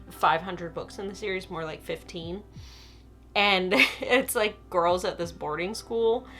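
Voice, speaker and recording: A woman's voice: lowish voice, fairly bright tone. A young woman chatting casually about her books from home, chatty and self-deprecating, often trailing off and restarting mid-word. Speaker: booktuber. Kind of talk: casual chat.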